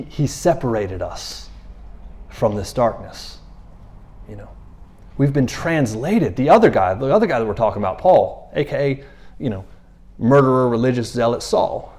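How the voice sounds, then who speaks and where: A man preaching in a loose, conversational way, repeating himself and briefly acting out the people he quotes. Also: mid-range voice. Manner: animated, repeats himself, acts out quotes in passing. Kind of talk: conversational sermon.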